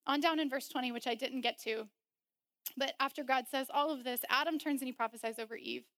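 A young woman preaching a sermon, animated and laughing often as she acts out voices in quotes. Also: sits high, brisk, no echo, studio quality.

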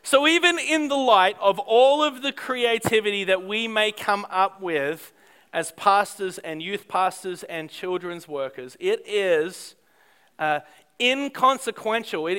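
Middle-aged male pastor, high bright smooth voice, animated self-deprecating sermon storyteller.

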